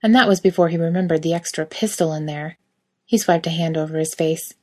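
A woman reading a story aloud in steady, quiet narration. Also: deep voice, a little fast. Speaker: reader.

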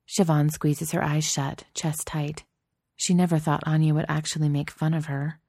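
Low mellow-voiced woman reading a story aloud, steady and soft, dry sound. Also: normal speed, vocal fry, no room sound. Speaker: narrator. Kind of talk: audiobook narration.

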